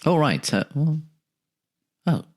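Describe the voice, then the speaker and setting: A man's voice: fairly high pitch, very animated, takes it slowly, darkish tone. A man co-hosting a podcast, playful and a bit hesitant, laughing along with his partner. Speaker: podcast co-host. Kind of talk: casual comedic chat.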